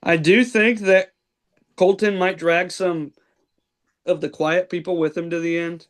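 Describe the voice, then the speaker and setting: A man hosting a casual podcast chat, talking in a relaxed way with frequent restarts and fillers. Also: high-pitched, a little slow. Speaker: podcast host.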